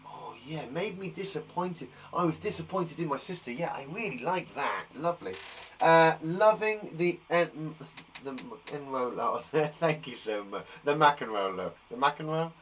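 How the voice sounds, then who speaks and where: A man's voice: on the high side, expressive, moderate pace, a bit bright, a little hiss or hum, poor audio. Man, children's teacher, enthusiastic, encouraging, bouncy sing-song delivery. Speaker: primary school teacher. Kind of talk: live online lesson for young children. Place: garden shed.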